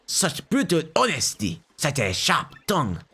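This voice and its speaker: A man voicing a flirtatious, smarmy French gentleman with a mock French accent and theatrical manner. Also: on the high side, wildly swooping pitch, unhurried, breathy edge, heavily acted. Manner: suave, theatrical, self-satisfied.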